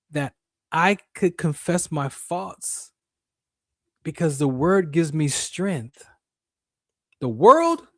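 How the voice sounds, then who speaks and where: Guy hosting a faith talk show, preachy and repetitive, kinda high voice, dry sound. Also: no echo. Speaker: radio show host.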